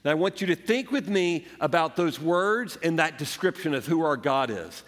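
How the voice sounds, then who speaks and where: A man's voice: a little high, animated, normal speed, hardly any pauses. A man preaching a sermon as a pastor, earnest and conversational, acting out the quotes. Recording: echoey hall.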